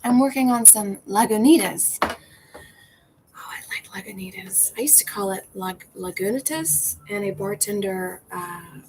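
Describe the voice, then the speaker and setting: A woman's voice: medium pitch, fairly even intonation, moderate pace, background noise. A woman bartender chatting casually to viewers on a livestream, laughing often and swearing freely. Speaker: bartender and comedian hosting a livestream.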